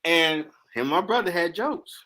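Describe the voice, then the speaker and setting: Male host, bright, slightly high voice, animated storyteller who acts out every line in slang. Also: moderate pace. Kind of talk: casual storytelling.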